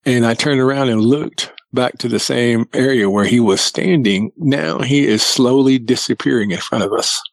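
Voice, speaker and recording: Here a middle-aged guest with a creaky, mid-range voice tells about a sighting at a moderate pace, hardly pausing at all. His casual, folksy storytelling is lively and packed with quoted dialogue, and the recording is dry.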